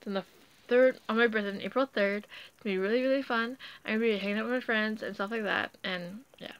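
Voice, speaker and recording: A woman's voice: mid-range voice, steady tone, quick pace, clean tone, poor audio. A woman speaking off the cuff about her family and her past, rambling with restarts and fillers, emotional and close to tears in places. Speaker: speaker sharing a personal story. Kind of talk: unscripted personal talk.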